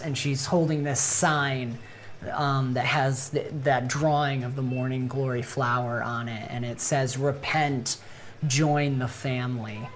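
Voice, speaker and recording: Low-voiced woman game master narrating a tabletop game, relaxed and halting. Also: a little hiss or hum. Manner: relaxed, hesitant with frequent ums.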